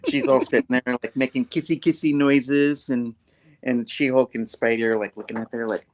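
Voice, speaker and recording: A man's voice: mid-range voice, steady tone, brisk. A man reviewing a comic book on a casual talk show, retelling the story with lots of "like" and "you know". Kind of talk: casual chat.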